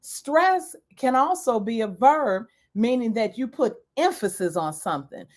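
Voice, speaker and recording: Teacherly woman with a higher voice. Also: very animated, measured pace. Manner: teacherly, repeats key points for emphasis. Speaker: self-care educator and speaker. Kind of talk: lecture-style talk.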